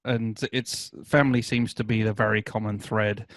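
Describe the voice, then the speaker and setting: A man from the United Kingdom hosts a casual podcast chat, enthusiastic and quick to laugh. His voice sits on the low side, and the recording is dry with no room sound. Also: little pitch movement, no echo. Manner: chatty, laughs easily, enthusiastic. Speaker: podcast host.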